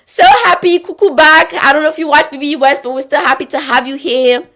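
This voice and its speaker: A woman's voice: high-pitched, fairly even intonation, quick pace, a bit bright. A woman with a Quebec French accent, hosting a casual livestream, chatting, rambling and reading viewer comments aloud. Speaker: livestream host reading chat.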